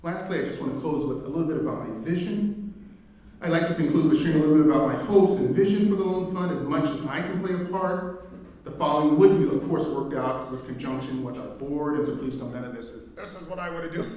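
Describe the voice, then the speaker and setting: A man's voice: fairly high pitch, fast talker, dark tone. Man speaking in an echoey hall. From Indiana. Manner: conversational and humorous, asks the audience questions. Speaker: executive director, keynote speaker. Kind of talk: keynote speech with personal stories. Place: event hall. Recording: echoey hall, mic far off.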